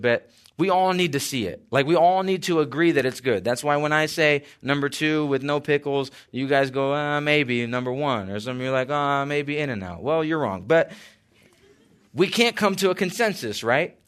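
A man preaching a sermon as pastor, slow and emphatic with dramatic pauses and light asides. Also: on the high side, animated.

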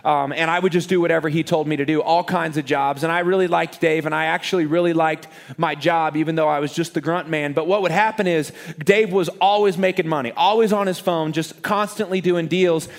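A man preaching a sermon as a pastor, with an animated, self-deprecating manner and words repeated for emphasis. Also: fairly high pitch, fairly quick.

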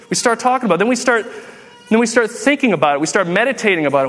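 A man's voice: high voice, racing. A man in his thirties preaching a humorous sermon, telling jokey stories and acting out quotes. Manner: animated, jokey, acts out quotes. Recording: long hall reverb.

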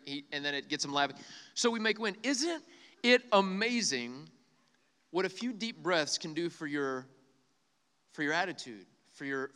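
A young man giving a retreat sermon, joking with the crowd and leading soft breathing prompts. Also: a little high. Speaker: youth speaker. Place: large hall with live audience. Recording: long hall reverb.

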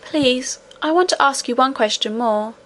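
A woman voicing a young, eager princess girl who speaks quickly and affectionately. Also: sits high, fairly bright tone.

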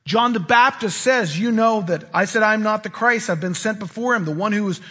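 Husky, bright-voiced male preacher. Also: sits high, fairly quick. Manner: animated, swinging between loud emphasis and hushed asides. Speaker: pastor. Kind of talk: sermon.

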